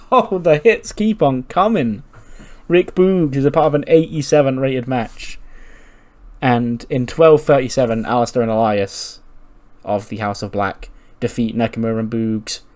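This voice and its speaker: A man giving casual, excitable commentary on a simulation game, chatty and swearing now and then. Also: mid-range voice, normal speed. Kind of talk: casual video game let's play commentary.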